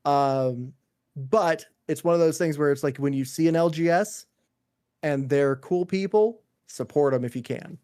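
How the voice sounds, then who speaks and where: Higher-voiced male podcast co-host. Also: unhurried, darkish tone, clear, resonant tone. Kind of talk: casual podcast chat.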